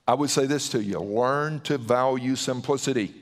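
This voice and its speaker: A man's voice: medium pitch, steady tone, normal speed, few pauses. A man with a Southern accent, preaching a sermon as a pastor, earnest and emphatic, often repeating words and restarting phrases.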